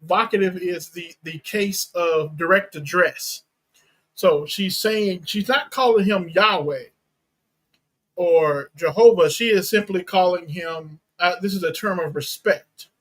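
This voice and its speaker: A pastor giving a teaching sermon, reading and explaining Bible verses in a deliberate way and unpacking Greek words. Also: male voice, high voice, a bit bright, rough recording. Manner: slow, deliberate Bible exposition with Greek terms.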